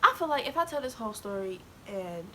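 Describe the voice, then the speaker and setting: A woman's voice: on the high side, big pitch swings, a little fast, heavy background noise. A teenage girl talking candidly to the camera, telling a personal story in casual slang and laughing as she goes. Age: teens. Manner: candid, laughs to cope, quotes others, African American slang. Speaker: vlogger.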